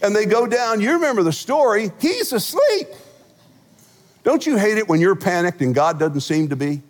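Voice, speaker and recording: A male senior pastor preaches a sermon in a large church sanctuary, telling stories with humor and big swings in loudness. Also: high voice, very animated, moderate pace, long reverb tail.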